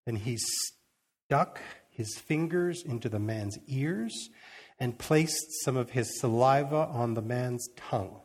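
Taking it slowly, a man with a medium-pitched, slightly mellow voice preaches in a casual style. He reads from scripture, then retells it in everyday terms, performing the quoted parts and chuckling as he goes.

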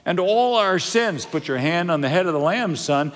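An older man delivers a sermon, his voice sitting somewhat high for a man. He preaches with lively storytelling, jokes and questions put to the congregation. The sound carries a long reverb from a large church hall. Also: moderate pace. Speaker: pastor. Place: church sanctuary.

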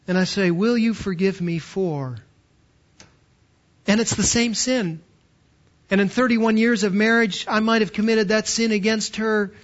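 On a muffled, lo-fi recording, a pastor in his fifties preaches with a notably high voice. He uses rhetorical questions and emphatic, slowed stresses to press his points.

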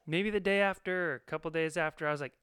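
A man in a casual chat as a new father, talking in excited, rambling bursts with lots of "like" and the odd swear word. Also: fairly high pitch, fast talker, clean tone, no echo.

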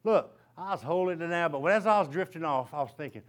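A preacher with a notably high voice delivers his sermon as a lively story. He often breaks into laughter mid-sentence as he talks to the congregation. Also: a little fast. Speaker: pastor.

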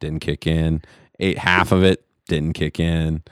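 Low-voiced man telling stories, dry sound. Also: level tone, slow pace, fairly bright tone, smooth, dry recording. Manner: rambling, laughing often, swearing. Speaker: podcast co-host. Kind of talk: casual storytelling chat.

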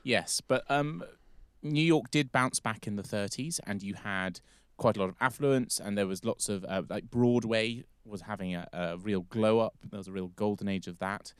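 A man's voice: on the low side, normal speed, hardly any pauses, clean tone, no room sound, studio quality. Rambling English man hosting a podcast. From England. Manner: rambling, self-correcting, chatty. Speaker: podcast host. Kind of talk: casual history podcast chat.

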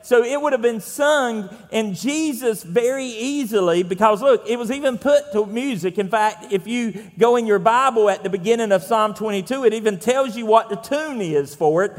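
Every phrase of this pastor's sermon lingers in the long reverb of a large church. He's a Southern US man with a high voice for a man, preaching in an easygoing, folksy, conversational way and pausing often on fillers.

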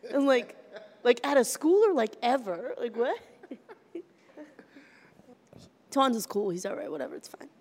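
A woman hosts a casual comedy chat, her voice sitting a touch higher than most. She tells stories with a wry, sarcastic edge. A long reverb trails behind each phrase. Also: big pitch swings, unhurried, pauses often, a little mellow. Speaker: podcast host and comedian.

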